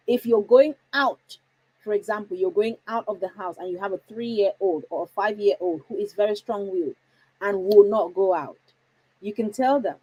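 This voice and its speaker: A woman's voice: medium pitch, a little slow, warm tone, slightly rough, low-quality recording. Chatty woman hosting a parenting livestream. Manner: chatty, reassuring, asks the audience questions. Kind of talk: casual livestream talk.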